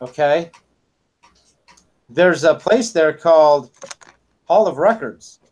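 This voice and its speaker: A man narrating a tabletop game as dungeon master, halting, with many fillers and restarts. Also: on the high side, expressive, darkish tone, highs cut off.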